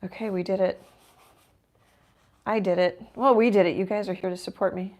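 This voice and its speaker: A middle-aged woman hosting a live painting stream, thinking aloud as she works and often dropping to a soft murmur. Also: mid-range voice, fairly even intonation, moderate pace, muffled recording. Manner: self-deprecating, thinking aloud while working, drops to soft murmurs. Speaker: painting livestream host. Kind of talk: casual live painting chat.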